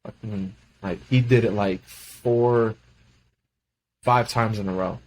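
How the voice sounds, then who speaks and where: A man's voice: lowish voice, fairly even intonation, slow pace, a little mellow. A man co-hosting a podcast, chatting casually about sports in a loose, rambling way with lots of fillers. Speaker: podcast co-host.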